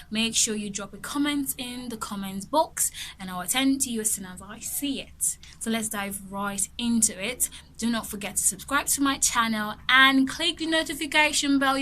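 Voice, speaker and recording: A young woman gives a relaxed online English lesson, talking in a loose, friendly way with frequent laughs and restarts. Her voice is bright and a little high. A faint hiss of noise sits behind the recording. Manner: chatty, laughs often, repeats and restarts phrases. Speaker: English pronunciation teacher.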